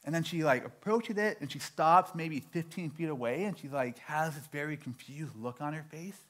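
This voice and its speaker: A young man from Canada telling a stand-up story, animated and self-mocking, acting out his own dialogue. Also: on the high side, moderate pace. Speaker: stand-up comedian.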